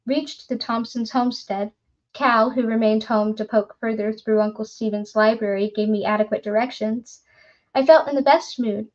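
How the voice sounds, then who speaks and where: A woman reading a story aloud in a measured, formal narrating style. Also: fairly high pitch, a little mellow, highs cut off. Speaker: audiobook reader.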